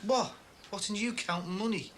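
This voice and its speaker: A man's voice: high-pitched, normal speed, lightly acted. An actor playing a resentful, sarcastic man who grumbles about money. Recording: noisy TV broadcast sound.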